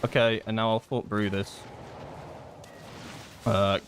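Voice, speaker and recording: A man giving live gameplay commentary, thinking aloud and excitedly pleading with his teammates. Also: on the low side, slow, slight background noise. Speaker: gaming content creator.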